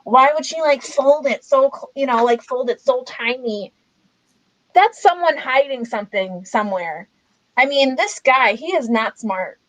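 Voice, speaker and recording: A woman hosting a casual book club discussion over a video call, animated and chatty, wandering off on tangents. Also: high voice, measured pace, no echo, muffled recording.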